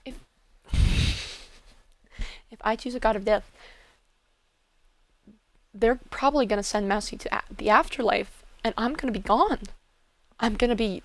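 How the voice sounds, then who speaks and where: Anxious, halting woman with a gravelly voice. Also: a little high, no echo. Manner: anxious, halting, keeps apologizing. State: on the verge of tears. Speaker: roleplay player. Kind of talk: Minecraft roleplay in character.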